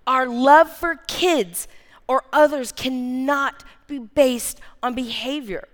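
A woman's voice: sits high, fairly even intonation, slow pace. A woman in her thirties preaching a sermon, earnest and emphatic, repeating key phrases. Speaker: speaker preaching. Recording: long reverb of a large hall.

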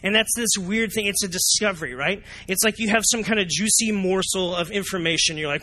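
A man preaching a sermon as pastor, animated and often asking the congregation questions. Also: sits high, quick pace. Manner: animated, asks the congregation questions, acts out reactions. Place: church sanctuary.

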